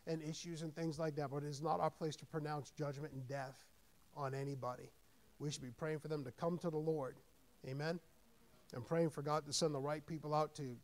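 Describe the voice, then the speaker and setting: A man preaching as a pastor with a high, bright-edged voice, swelling into emphatic scripture readings and then easing into relaxed, conversational asides. He stumbles and repeats words when he thinks aloud, keeping the sermon informal.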